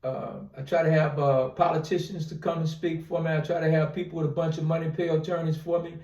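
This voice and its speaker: A man's voice: a little high, fairly even intonation, fast talker, mellow, echoey room, recorded from a distance, dull audio. A man telling a long personal story in a casual interview, rambling with restarts and acting out quoted dialogue. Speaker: interview guest.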